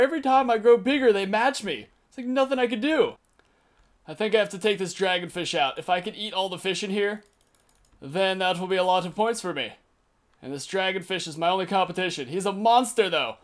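Excitable young man with high voice. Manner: excitable, swearing, frantic outbursts. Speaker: gameplay commentator. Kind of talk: casual let's-play commentary.

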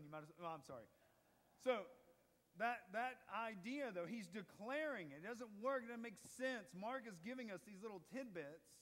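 A male pastor preaching a sermon in a church sanctuary, animated and putting questions to the congregation. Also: sits high, long reverb tail.

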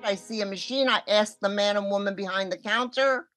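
A woman's voice: medium pitch, moderate pace, hardly any pauses. An older woman tells her own story with vivid drama, dropping to near-whispers and then rising sharply as she acts out what others said. Her voice sits in an ordinary middle range, with faint music running beneath. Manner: vivid, acts out quoted voices, shifts between hushed and loud. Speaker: scam victim telling her story. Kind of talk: emotional first-person storytelling.

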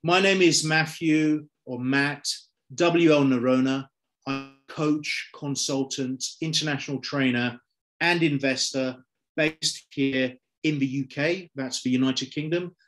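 A man's voice: medium pitch, measured pace, a bit bright. A middle-aged man with a London accent giving an upbeat online sales presentation, checking in with "okay?" and "right?". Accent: London English. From London, England. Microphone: video call.

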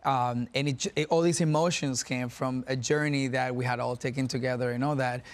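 A man's voice: medium pitch, steady tone, brisk. A man in his forties chats as a guest on a daytime talk show. He tells his stories with animation, laughs easily and often restarts his sentences mid-thought. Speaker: guest actor. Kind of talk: casual talk-show interview.

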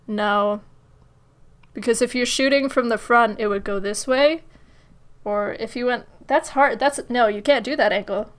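Giggly high-voiced woman playing a game. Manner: giggly, casual, swears freely. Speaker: gamer. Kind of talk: let's play commentary.

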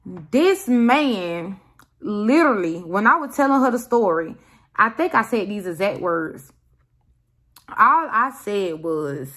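A young woman vlogger telling a storytime story in an animated, emphatic way. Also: fairly high pitch, takes it slowly. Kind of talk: casual storytime.

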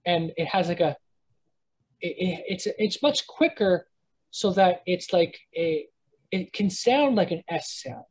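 A woman's voice: on the low side, lively intonation, a little slow, a little mellow, slightly rough, poor audio. A woman teaching a Hebrew pronunciation lesson to a live class, thinking aloud with many restarts and self-corrections as she sounds out words. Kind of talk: live class lecture with students.

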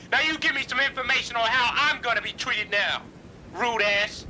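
A furious man hurls threats and curses down a phone line. His voice sits very high and sounds piercingly bright, with a faint hiss of noise behind it. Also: animated, normal speed. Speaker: angry caller. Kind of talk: prank phone call.

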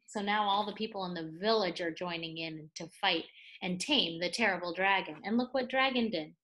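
A woman's voice: medium pitch, normal speed, a bit bright. Woman reading a picture book to kids. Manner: explains words, adds playful asides. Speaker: read-aloud storyteller for children. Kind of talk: children's picture book read-aloud.

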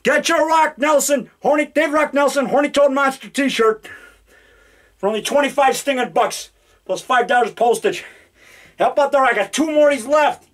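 High-voiced rambling man in his fifties. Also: moderate pace. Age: 50s. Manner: excitable, rambling, growls mock monster roars. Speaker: independent horror filmmaker. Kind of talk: rambling home video chat. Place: home basement. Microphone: handheld digital camera.

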